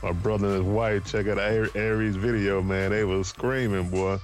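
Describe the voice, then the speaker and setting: A man co-hosting a casual sports chat, easygoing and quick to laugh. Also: lowish voice, little pitch movement, soft background music. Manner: slow, easygoing, laughs often. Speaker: co-host.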